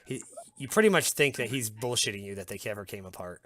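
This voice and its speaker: A man's voice: fairly low pitch, animated, fast, fairly bright tone. A man running a tabletop game as game master, narrating loosely with casual fillers.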